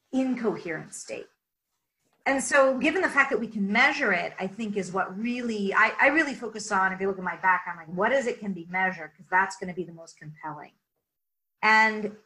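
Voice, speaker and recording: A woman's voice: medium pitch, poor audio. A woman leadership coach answering interview questions, explaining energetically and often checking in with "right?". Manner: energetic, lots of "right?" asides.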